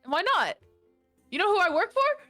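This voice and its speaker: A woman's voice: very high voice, sing-song, moderate pace, soft background music, voice pushed up, exaggerated voice. A woman voicing a hot-tempered male thug in a tabletop game. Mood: threatening. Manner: aggressive, yelling.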